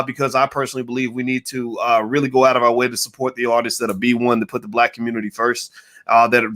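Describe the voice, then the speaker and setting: Bright-voiced enthusiastic male host. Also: medium pitch. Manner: enthusiastic, repeats himself and stumbles. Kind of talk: casual interview chat.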